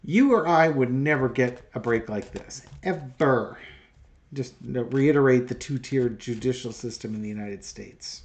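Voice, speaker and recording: A man's voice: medium pitch, a little slow. A man hosting his own tarot channel, talking casually and sarcastically, sounding exasperated and rambling through fillers as he sets up a reading. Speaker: tarot reader and channel host.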